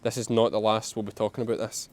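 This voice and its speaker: A man's voice: fairly low pitch, flat delivery, quick pace, darkish tone. A young man with a Scottish accent, a sheep farmer hosting a casual farm vlog outdoors and talking bluntly to the camera. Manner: blunt, swears casually, uses local dialect words. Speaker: sheep farmer and channel host.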